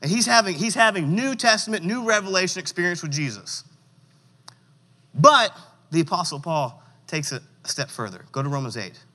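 A man with a high, bright voice preaches to a room of teenagers in a church hall, pressing them to answer out loud. He slows right down to lean into the scripture he reads. A long reverb trails behind every word. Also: lively intonation. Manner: interactive, coaxing audience responses; reads scripture with slow emphasis. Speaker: youth pastor. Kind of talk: sermon.

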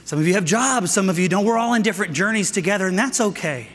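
A middle-aged man preaching a sermon to men, energetic and out of breath, calling for amens. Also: high-pitched, quick pace. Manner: energetic, calls for amens, asks "right?". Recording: echoey hall with long reverb.

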